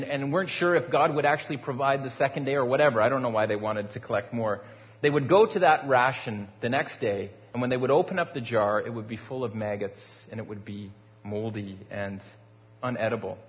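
Man preaching in a reverberant hall. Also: medium pitch. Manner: conversational preaching with rhetorical questions and repeated words. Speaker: pastor. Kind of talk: sermon. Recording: dull sound with long hall reverb.

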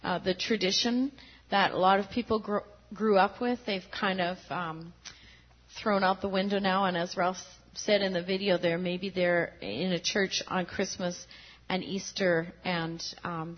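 Woman missionary, lowish voice, measured and thoughtful, dull lo-fi recording. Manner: thoughtful, measured, some fillers. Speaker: missionary guest. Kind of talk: interview answers. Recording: dull lo-fi sound.

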